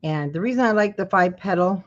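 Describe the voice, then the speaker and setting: Woman, from Utah, craft tutorial host, chatty with asides, slightly low voice, muffled lo-fi audio. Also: expressive, a little fast. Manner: chatty, breaks off into asides to her husband and viewers.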